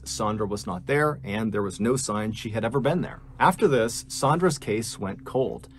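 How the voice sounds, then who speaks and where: A man with a mid-range voice telling a true mystery at a steady pace, letting the suspense build line by line. A faint hiss of noise sits under his voice. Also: medium pitch. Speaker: storyteller. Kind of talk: true-story narration.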